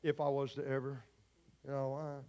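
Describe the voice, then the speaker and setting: A man's voice: mid-range voice, monotone, moderate pace, warm tone. A man preaching a sermon to his congregation in a fervent, folksy way, speaking straight to the people in the pews. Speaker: pastor. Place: church service before a congregation.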